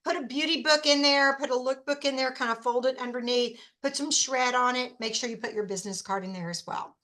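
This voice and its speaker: A woman talks through a casual how-to presentation in a high, bright voice. She is chatty and enthusiastic and drifts into rambling asides. Her voice is a little hoarse from talking so much. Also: fairly even intonation, fairly quick. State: losing her voice. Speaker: host.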